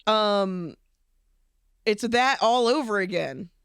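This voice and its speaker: A woman co-hosting a podcast, telling stories in an animated, profane, casual way. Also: medium pitch, takes it slowly, creaky, clear, resonant tone, dry recording, clean studio sound. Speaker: podcast co-host. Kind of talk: casual chat.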